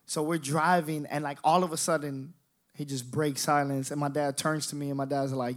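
Animated young man telling a profane story. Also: fairly high pitch, normal speed. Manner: animated, profane, acts out voices of others. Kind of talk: storytelling monologue.

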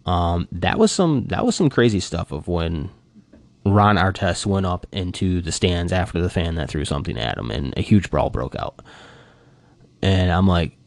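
A man chatting casually and rambling, full of fillers and restarts, his voice jumping up when he gets excited. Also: low voice, normal speed, gravelly, dry recording. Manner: animated fan gushing, voice jumps up when excited. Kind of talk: casual chat.

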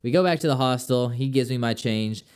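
A man's voice: medium pitch, brisk, a little mellow, clean tone. A young man casually telling a personal travel story, chatty and loose, full of "like" and "I'm like".

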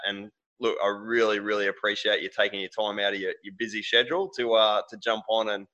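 A man's voice: fairly low pitch, level tone, a little fast, hardly any pauses, bright, forceful tone, highs cut off. An Australian man hosting a casual interview, chatty, starting over a lot and saying mate. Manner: chatty, repeats words, says mate. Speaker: podcast host.

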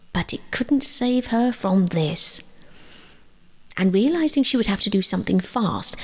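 A woman reading her own sleep story aloud, gentle and slow, often dropping into a whisper. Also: medium pitch, vocal fry, breathy edge. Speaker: storyteller and author.

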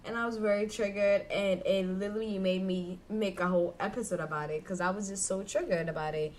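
A woman co-hosting a casual podcast chat, talking in a chatty, animated way. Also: medium pitch, brisk, a little hiss or hum. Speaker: podcast co-host.

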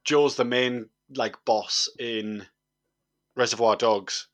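A man's voice: medium pitch, fairly even intonation, takes it slowly, fairly bright tone. Wry man in casual chat. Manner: dry, wry, laughs at his own points. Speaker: podcast co-host.

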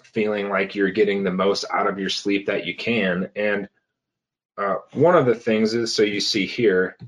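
A health coach giving casual advice, pausing often with fillers and restarting phrases. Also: male voice, on the low side, steady tone. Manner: hesitant, many fillers and restarts.

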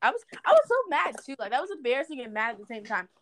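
A young adult woman hosting a podcast, telling stories in a chatty, animated way with lots of fillers. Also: high-pitched, very fast. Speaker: podcast host. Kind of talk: casual chat.

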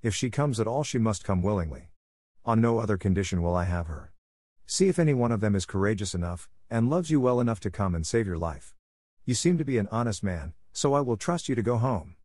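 A grim, stern beast from a storybook, read by a man. The voice sits low, and the lines come out measured and threatening. It sounds dry and close, with no room around it. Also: lively intonation, darkish tone, no room sound. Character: frightful angry male beast, grim and stern.

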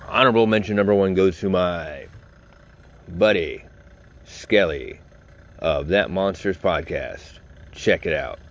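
A man's voice: low voice, unhurried, pauses often. A man hosting a podcast, telling a personal story in a casual, rambling, informal way and addressing his listeners directly. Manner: rambling, informal, swears, talks straight to listeners. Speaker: podcast host.

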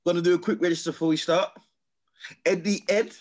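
A man's voice: high voice, fairly even intonation, fast, a little mellow. A young man, co-hosting a casual podcast with playful banter. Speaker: podcast co-host. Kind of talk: casual chat.

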